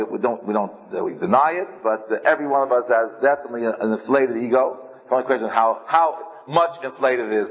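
A man giving a rambling, halting, humorous sermon with stories, as a rabbi. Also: medium pitch, breathy edge. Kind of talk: sermon with storytelling. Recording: long hall reverb.

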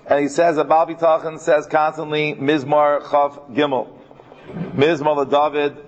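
A man giving a Torah class in an earnest tone, mixing Hebrew terms into his English and slowing right down to stress key verses. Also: a little high, dull audio. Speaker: Torah teacher.

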